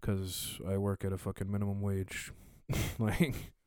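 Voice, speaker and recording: A young man talking casually with friends, loose and joking, a bit profane. His voice is smooth and clear. It sits close to the mic in a dry room. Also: on the low side, little pitch movement, unhurried, mellow, no room sound. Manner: loose, jokey, swearing. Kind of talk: casual chat.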